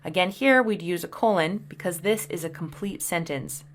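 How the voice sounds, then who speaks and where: A woman's voice: lowish voice, normal speed. A woman teaching English punctuation, patiently explaining each example and reading the sample sentences aloud. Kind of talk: explaining grammar over slides.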